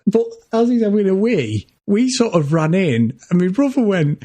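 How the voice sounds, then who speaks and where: A man's voice: high voice, sing-song, fairly quick, few pauses. A man co-hosting a podcast, telling a family story in casual chat, laughing often and swearing freely. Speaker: podcast co-host.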